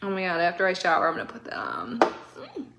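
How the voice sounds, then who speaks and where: A woman in her thirties chatting through a casual unboxing, gushing and excitable with lots of fillers. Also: fairly low pitch, very fast, vocal fry, heavy background noise. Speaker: subscription box reviewer.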